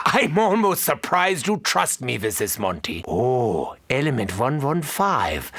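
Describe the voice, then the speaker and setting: A gravelly, unhinged mad scientist doctor in a video game. His husky voice leaps wildly up and down, sharp and bright, swinging from sardonic mutters to manic outbursts. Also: mid-range voice, exaggerated voice.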